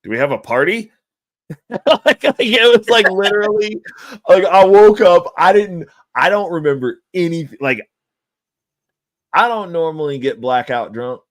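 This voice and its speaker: A man's voice: sits high, measured pace, no room sound, clean studio sound. Profane, laughing man telling stories. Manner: profane, laughing, animated storyteller. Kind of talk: casual storytelling chat.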